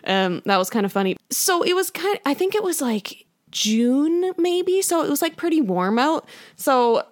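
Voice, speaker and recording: A woman's voice: high-pitched, big pitch swings, measured pace. Chatty young woman telling dating stories. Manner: rambling, heavy use of "like", laughs while telling stories. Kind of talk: casual storytelling chat.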